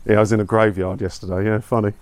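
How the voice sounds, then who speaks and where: A man's voice: on the low side, little pitch movement, rapid-fire, a little mellow, clear, resonant tone. A man talking in a rambling, chatty, self-mocking way while walking outdoors for his vlog. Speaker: vlogger. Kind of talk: casual walking vlog chat.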